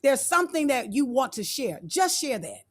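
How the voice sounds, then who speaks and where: A woman's voice: high voice, sing-song, moderate pace. Affirming woman speaker on a video call. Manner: warm, affirming, repeats phrases. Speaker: guest speaker. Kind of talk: motivational talk to students.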